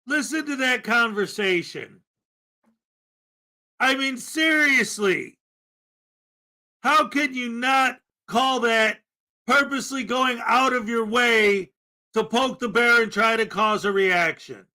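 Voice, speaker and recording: Brief: male commentary host, high and sharp, incredulous, ranting. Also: slow pace, long pauses. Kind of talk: ranting commentary on a played clip.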